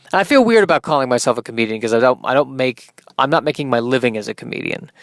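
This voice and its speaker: A man's voice: mid-range voice, lively intonation, fast, no room sound, studio quality. A man hosting his own podcast, delivering a rambling, self-deprecating comedic monologue.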